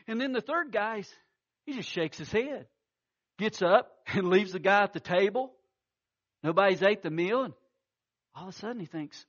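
A man's voice: sits high, animated, moderate pace, fairly bright tone, slightly rough, muffled recording. A man preaching a sermon, telling stories with acted-out quotes and frequent restarts. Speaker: pastor.

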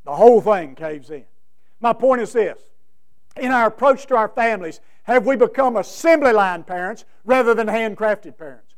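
A middle-aged male preacher giving a sermon, emphatic, with big swings from loud to soft. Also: sits high, expressive, normal speed. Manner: emphatic, with wide swings in loudness.

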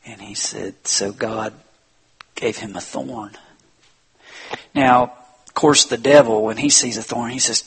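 A pastor preaching a sermon, a man who swings from loud, impassioned appeals to hushed tones. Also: lowish voice, a little slow, vocal fry, pauses often, husky.

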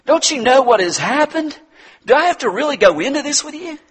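A man voicing a grieving woman at a tomb who questions in rapid indignation. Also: very high-pitched, expressive, a bit bright, pitched above the performer's own voice. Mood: exasperated.

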